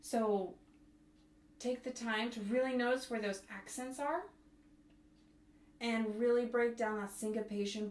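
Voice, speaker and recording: A woman teaching bassoon in a music tutorial, counting and singing out rhythms as she explains. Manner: counts and sings rhythms aloud. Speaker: bassoon instructor. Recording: echoey room, faint noise.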